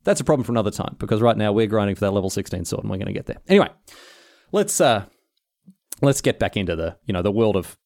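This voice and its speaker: A man's voice: on the low side, lively intonation, fast, creaky, darkish tone, dry recording, studio quality. An Australian man hosting a podcast, answering listener questions in a rambling, teasing casual chat. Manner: rambling, teasing, self-interrupting.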